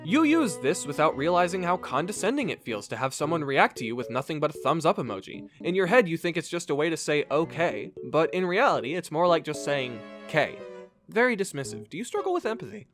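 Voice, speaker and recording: Sarcastic man roasting in lively swings. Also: fairly high pitch, brisk, faint music behind. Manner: sarcastic roasting, swinging between flat asides and shouts. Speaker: YouTuber. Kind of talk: scripted comedic commentary.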